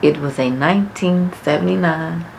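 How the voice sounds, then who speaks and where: A woman's voice: low voice, normal speed, creaky, a little mellow, a little hiss or hum. A woman vlogger telling a personal story in a frank, casual, reminiscing way.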